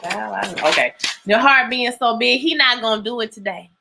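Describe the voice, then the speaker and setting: Bright animated woman recapping a show. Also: on the high side, a little fast, vocal fry, slight background noise. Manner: animated storytelling, acting out characters' lines; laughs often, slangy and loud. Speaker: TV recap host. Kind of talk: live recap chat.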